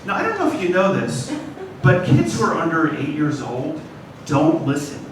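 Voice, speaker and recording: A man's voice: a little high, wildly swooping pitch, normal speed. A middle-aged man telling a personal comic story to a live audience, rambling into self-deprecating asides. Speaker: comedian. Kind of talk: stand-up storytelling monologue. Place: class stage before a live audience. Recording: roomy, distant mic, noisy ambience.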